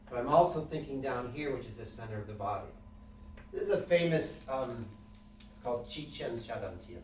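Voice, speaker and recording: A wellness instructor guides a class through breathing, explaining in plain terms and asking the students questions. His mid-range voice is a little mellow, recorded from a distance in an echoey room with the class present and slight background noise.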